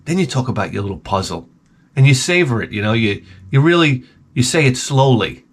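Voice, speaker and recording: A man hosting his own channel, telling rambling comedic work stories full of asides and quick impressions. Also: mid-range voice, breathy edge. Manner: animated, jumps between impressions and asides. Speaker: channel host.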